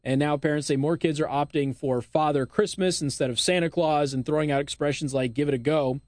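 A man's voice: a little high, fairly even intonation, a little fast, darkish tone, no room sound. A man hosting a talk radio show, chatting casually into a studio microphone with friendly asides and small laughs. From United States.

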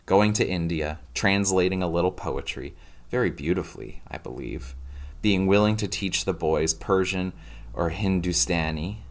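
A man narrating a classic novel aloud in a measured, expressive reading. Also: low voice.

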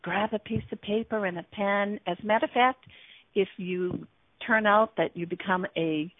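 Over a tinny, dry phone line, a woman hosts an internet radio talk show as a relationship coach, speaking earnestly with lots of fillers and restarts. Her voice is medium-pitched with fairly even intonation and normal speed, and there's no echo.

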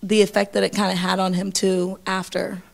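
A woman with a gravelly, creaky voice gives a hesitant opinion, full of "like" and "you know". Her pitch sits in the middle. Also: little pitch movement, brisk. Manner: hesitant, filler-heavy reflection.

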